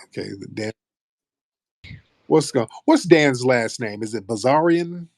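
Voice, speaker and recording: American man, casual host, profane teasing banter, mid-pitched, dry close sound. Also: expressive, unhurried, a little mellow, no echo. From United States. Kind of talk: casual live-stream chat.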